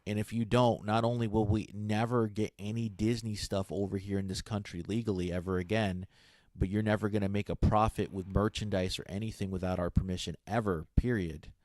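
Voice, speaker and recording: Lowish guy rambling in casual chat, lots of likes and uhs, dry sound. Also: fairly even intonation, brisk, a little mellow, dry recording. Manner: rambling, many fillers and restarts. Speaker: guest on a comic stream.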